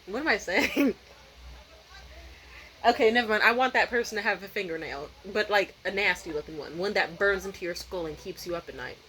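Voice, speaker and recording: Bright-voiced young woman ranting profanely. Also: medium pitch, brisk, slight background noise, rough recording. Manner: profane, animated storytelling with mimicked voices. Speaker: vlogger. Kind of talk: casual vlog rant. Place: home at night.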